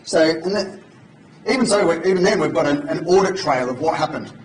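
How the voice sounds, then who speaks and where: A conference speaker runs a casual, jokey live coding demo for a crowd in a big hall, talking fairly quickly and expressively in a slightly high voice. Picked up from a distance, the audio echoes and has a little hiss or hum.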